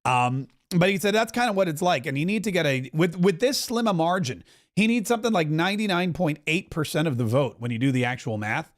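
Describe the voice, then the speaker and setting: A man's voice: on the high side, lively intonation, a little fast. A middle-aged man hosting a political podcast, giving chatty live commentary with wry asides over a broadcast.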